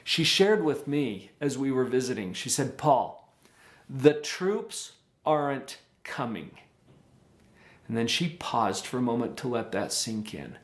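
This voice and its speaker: A man hosting a show, giving an animated motivational talk and acting out quoted voices. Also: mid-range voice, normal speed, few pauses. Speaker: show host. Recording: echoey room.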